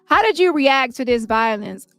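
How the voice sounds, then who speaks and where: A woman reading a brisk trial attorney. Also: high voice, lively intonation, dry recording, pitched above the performer's own voice. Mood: probing. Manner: brisk, pointed questioning. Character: attorney questioning a witness at trial.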